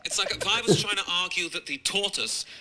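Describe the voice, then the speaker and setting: A British man with a high, very bright, forceful voice rants in a sarcastic, sweary commentary. He mocks what he is reacting to, with heavy scorn. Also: expressive, fairly quick, rough recording. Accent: British English. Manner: sarcastic, profane, mocking. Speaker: comedian. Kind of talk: ranting commentary over video clips.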